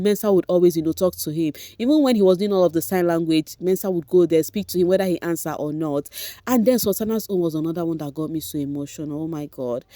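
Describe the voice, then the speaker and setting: A woman with a Nigerian accent in a casual vlog, giving an emotional, animated recap of a reality show and slipping into Pidgin now and then. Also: lowish voice, no echo, clean studio sound.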